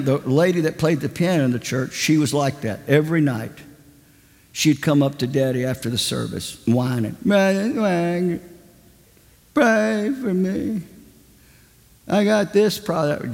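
A male preacher telling anecdotes in a sermon, animated and chatty, acting out the people he quotes. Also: mid-range voice, big-room sound. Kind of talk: sermon storytelling.

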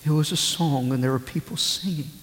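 A man preaching a sermon as a pastor, telling a story slowly and with feeling, with dramatic pauses. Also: a little high, a bit bright. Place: church hall. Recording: echoey hall, long reverb.

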